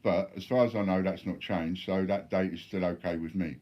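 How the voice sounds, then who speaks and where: Deep-voiced blunt man. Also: steady tone, a little fast, muffled recording. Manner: blunt, swears freely, reads out viewer comments. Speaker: live streamer answering chat. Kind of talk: live stream chat replies.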